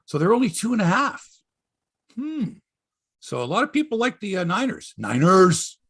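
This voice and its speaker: A gravelly, husky man hosts a casual sports podcast. He rambles and jokes. His pitch swoops up and down with animated energy. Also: normal speed.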